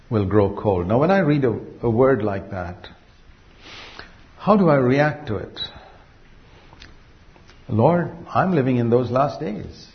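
A man preaching a sermon earnestly, asking rhetorical questions and slowing down to stress key phrases. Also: medium pitch, highs cut off.

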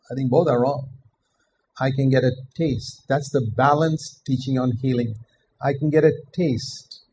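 An older man preaching a sermon in an earnest, measured way, repeating his key phrases for emphasis. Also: fairly high pitch, mellow, slight background noise, low-quality recording.

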